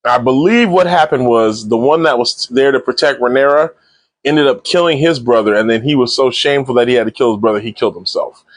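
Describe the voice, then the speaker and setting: A man casually recapping and reviewing a TV episode in slangy, animated speech, acting out the characters' lines. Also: medium pitch, a little fast, no echo. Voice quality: animated slangy retelling with acted-out quotes. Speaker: TV show reviewer.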